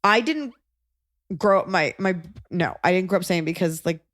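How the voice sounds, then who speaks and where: A woman from Texas hosts a podcast in easy chat, her voice sitting a bit low. She tells stories with energy and pops into high, squeaky voices when she acts out quotes. The sound is close and dry. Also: normal speed, dry recording. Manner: animated storyteller, jumps into high voices for quotes. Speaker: podcast host. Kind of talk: casual chat.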